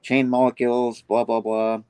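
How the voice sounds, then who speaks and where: A man's voice: mid-range voice, little pitch movement, moderate pace, dark tone, smooth, no room sound, natural voice. A man voicing a young male superhero while retelling a comic, quoting him as nerdy and exasperated.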